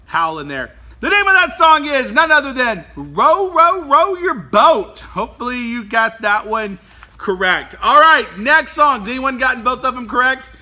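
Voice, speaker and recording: A man leading an online children's worship lesson in an animated, playful way that keeps breaking into laughter. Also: extremely high pitch, normal speed.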